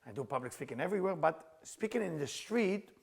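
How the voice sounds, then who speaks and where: A man leading an interactive workshop lesson as its rabbi and teacher, telling stories with plenty of laughter. His fairly high voice swoops widely and carries a gravelly rasp. He speaks to a group in the room. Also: a little fast. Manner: animated storyteller, laughs often.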